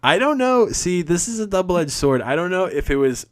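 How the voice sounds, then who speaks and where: A young man co-hosting a podcast, chatting casually and excitedly about a movie, swearing, laughing and acting out lines. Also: high voice, normal speed. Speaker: podcast co-host.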